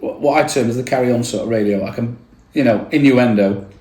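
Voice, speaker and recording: A man who works as a radio presenter talks at a rapid clip, joking and tossing in quick asides. His voice sits at an ordinary middle pitch. It is recorded in an echoey room. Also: mellow. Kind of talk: casual interview chat.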